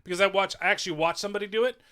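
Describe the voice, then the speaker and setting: Bright-voiced casual podcast guy. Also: high-pitched, fairly even intonation, very fast, smooth. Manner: rambling, jokey, laughs often. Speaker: podcast co-host. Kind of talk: casual chat.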